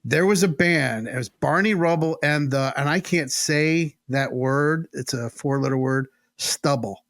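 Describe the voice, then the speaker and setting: A radio host who grew up in New Jersey chats about bands with real enthusiasm. His voice sits slightly high, and the sound is dry and close. He often cuts in with his own stories. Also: a little slow, fairly bright tone, dry recording. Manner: enthusiastic storyteller, talks over others. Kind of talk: casual chat.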